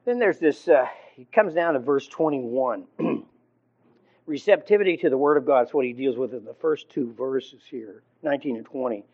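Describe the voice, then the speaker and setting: A man teaching from the Bible in an informal sermon, halting with fillers and restarts and often clearing his throat. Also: medium pitch. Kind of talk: conversational sermon. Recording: dull lo-fi recording.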